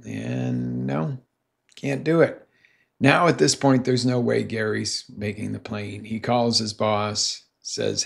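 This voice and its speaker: Gravelly-voiced male motivational coach. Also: fairly low pitch, takes it slowly. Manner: emphatic, animated storyteller. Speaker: life coach. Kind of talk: motivational talk with storytelling.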